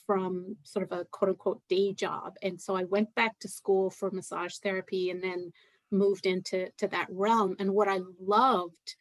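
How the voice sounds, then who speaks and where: A middle-aged woman who grew up in Scotland but now speaks with an American accent, answering interview questions in a relaxed, halting way. She restarts sentences and fills pauses often. Her voice sits at an ordinary pitch and the recording is dry, with little room sound. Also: dry recording. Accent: American with Scottish roots. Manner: hesitant, many fillers and restarts. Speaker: guest, writer and massage therapist. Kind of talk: casual interview chat.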